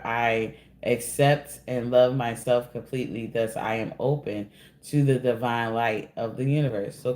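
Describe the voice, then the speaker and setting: Man giving a relaxed spiritual card reading. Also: medium pitch, echoey room, slight background noise. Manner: relaxed, rambling, addresses listeners as collective. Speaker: tarot card reader.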